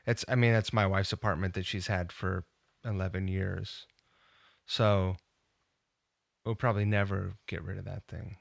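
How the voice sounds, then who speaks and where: A man from Seattle hosting a podcast, chatting casually and swearing in a relaxed way. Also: low voice, moderate pace, gravelly, long pauses, dry recording, studio quality. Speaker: podcast host. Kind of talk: casual chat.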